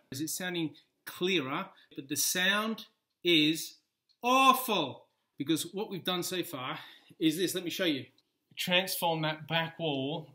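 A man's voice: a little high, a bit bright. A man with an Australian accent giving a playful, chatty how-to demonstration, recorded in a home kitchen on a laptop's built-in mic. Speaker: video tutorial presenter.

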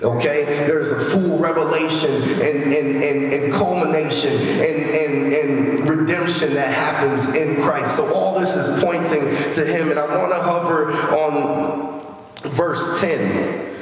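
A man's voice: a little high, steady tone, slow pace. A middle-aged male pastor preaching a sermon, often repeating words and stumbling as he builds his points, recorded in a large church hall. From United States. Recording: echoey church hall from far off.

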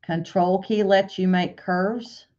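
A woman walking through embroidery software step by step in a tutorial, stopping now and then to correct herself. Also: medium pitch, fairly even intonation, takes it slowly. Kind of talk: screen-share software tutorial. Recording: dull lo-fi sound.

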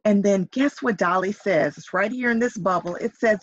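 A woman reading a picture book aloud to young children over a video call, pausing to ask them questions. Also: medium pitch, no echo, lo-fi sound. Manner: animated, coaxing questions to young listeners. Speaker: reader at a virtual story time for children. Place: home setup on a video call.

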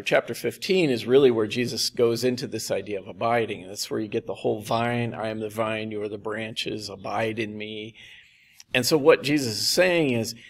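Brief: male pastor, mid-pitched and gravelly, chatty sermon delivery with slow, emphatic repeats. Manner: conversational, with slow, emphatic repetition.

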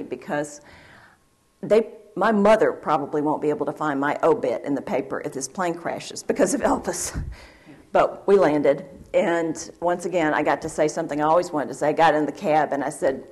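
A woman speaks on a panel at a university event. Her voice sits low, and she tells her story in a lively way, acting out each quote. She speaks into a mic at the event. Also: moderate pace. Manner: lively anecdotal telling, acts out quotes. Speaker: panel speaker, former wire reporter.

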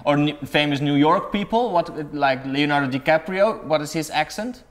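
A man's voice: fairly high pitch, moderate pace. A man co-hosting an interview who asks his questions hesitantly, searching for words. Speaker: co-host. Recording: echoey with long reverb.

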